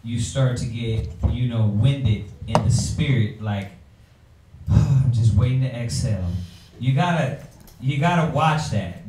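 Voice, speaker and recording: A man speaking to a Bible class in a drawn-out, playful way, acting out quotes. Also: medium pitch, darkish tone, slight background noise. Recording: echoey room, mic far off.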